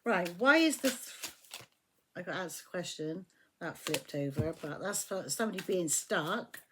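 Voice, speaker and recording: A fairly low-pitched woman with lively intonation reads tarot at a measured pace, against a noisy background. She's chatty and profane, checking in again and again with "do you know what I mean".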